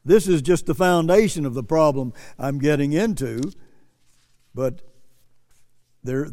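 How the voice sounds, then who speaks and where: A man's voice: fairly high pitch, a little slow, warm tone, in a large hall. A man preaching earnestly, repeating phrases for emphasis and reading quotes aloud. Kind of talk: sermon commentary.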